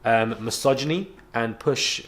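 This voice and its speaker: A man's voice: medium pitch, unhurried, a bit bright. A young man ranting to camera at home, frank and indignant, rambling with restarts and a self-described stutter. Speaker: YouTube commentator. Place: home on a rainy day.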